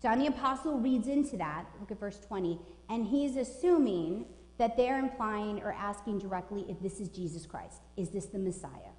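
A woman's voice: mid-range voice, lively intonation, normal speed, a little mellow. A woman pastor in her forties preaching a sermon in an emphatic, informal way. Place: church sanctuary. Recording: echoey church with long reverb.

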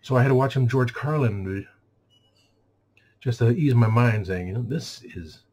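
A store worker vents in a casual, sarcastic rant about customers, imitating them in mocking voices. He speaks at a medium pitch, a little slowly, with a slightly mellow tone.

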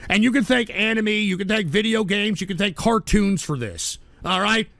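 High gravelly man ranting hard. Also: lively intonation, normal speed, no echo. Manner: aggressive, profane, shouting rant. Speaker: radio call-in show host. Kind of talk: live call-in radio rant.

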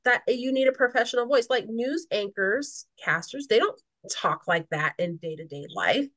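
A woman's voice: on the high side, animated, normal speed, fairly bright tone, no echo. A woman co-hosts a casual business webinar, talking in an easy, emphatic way with some repetition. Her voice is dry and close, with no room sound. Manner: conversational, emphatic, repeats herself. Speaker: webinar co-host.

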